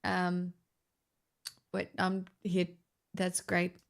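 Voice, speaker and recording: Australian woman, livestreamer, creaky and gravelly, loose casual delivery with frequent swearing. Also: on the low side, completely flat delivery, very slow. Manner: chatty, rambling, swears freely. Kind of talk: casual streaming chat.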